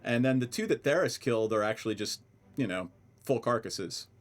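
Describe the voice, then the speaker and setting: A male game master narrating a tabletop session with a lively, swooping voice that rises and falls a lot. He talks with a wry, amused edge and laughs easily, over a faint bed of music. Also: mid-range voice, a little fast.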